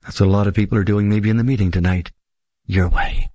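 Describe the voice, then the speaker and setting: A man preaching a sermon in an emphatic style, lifting his voice for stress and slowing down on key phrases. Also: fairly even intonation, dark tone, no echo. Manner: emphatic, swings pitch widely for stress, slows on key phrases.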